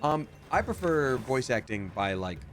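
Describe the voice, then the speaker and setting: Over music, a young man with a medium-pitched, very animated voice talks a little slowly as he plays a game on a livestream from his home setup. A streamer and voice actor, he chats casually, rambles, and reads viewers' questions from chat aloud before answering them.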